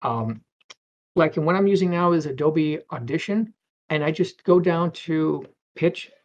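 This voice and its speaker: A man's voice: on the high side, a little slow. Rambling fifty-something man, dull audio. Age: 50s. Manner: rambling, with many restarts. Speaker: guest animator. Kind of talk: casual interview chat.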